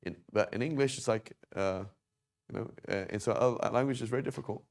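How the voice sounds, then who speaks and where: A man with a medium-pitched voice, speaking a little fast, teaches Arabic verb conjugation in a classroom. Working at the whiteboard, he explains patiently and keeps checking in with "right?" and "okay?".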